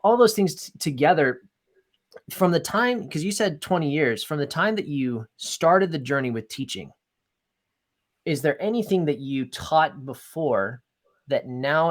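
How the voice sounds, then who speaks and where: Rambling male interview host. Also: mid-range voice. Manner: rambling, restarts questions, many fillers. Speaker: podcast host. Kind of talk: interview questions.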